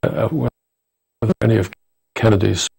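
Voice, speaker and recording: A man being interviewed as an author on public-access television, speaking in a measured, thoughtful way and quoting famous speeches from memory. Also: lowish voice, level tone, vocal fry, a little mellow, breathy edge, rough recording.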